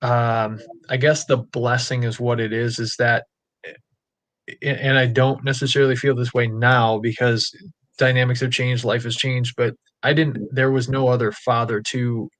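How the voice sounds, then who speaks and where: A man in a relaxed live-stream chat, telling a long family story. He rambles and gets animated, full of fillers and restarts. His voice is mid-pitched and sounds dry and close, with no room echo. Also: normal speed. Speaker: podcast guest dad. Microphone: live stream call.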